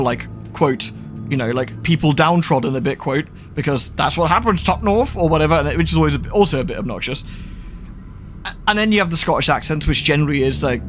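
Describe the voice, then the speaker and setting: A man with a West Country English accent, chatting casually and rambling while he streams a game. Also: fairly high pitch. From England. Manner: chatty, rambling, lots of fillers and restarts. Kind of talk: casual gaming commentary.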